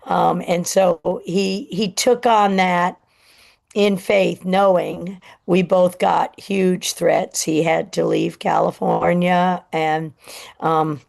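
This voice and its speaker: Woman host, 60s, lowish with vocal fry, halting and rambling personal storyteller. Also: steady tone, a little mellow. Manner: rambling, halting, many restarts. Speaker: show host.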